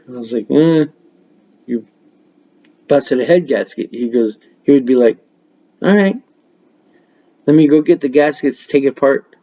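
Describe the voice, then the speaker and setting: A man with a mellow, slightly dark, medium-pitched voice rambles through loose stories on a practice podcast, cursing freely and breaking into laughter. He speaks at a moderate pace with frequent pauses. The sound is dull and lo-fi, as if captured on a webcam mic.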